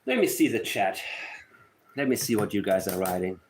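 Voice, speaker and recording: A man's voice: on the low side, animated, normal speed, a little hiss or hum. A man hosting a true-crime livestream, talking to his chat in a sarcastic, mock-emotional way. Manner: reads letters aloud in a syrupy mocking tone. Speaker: livestream host.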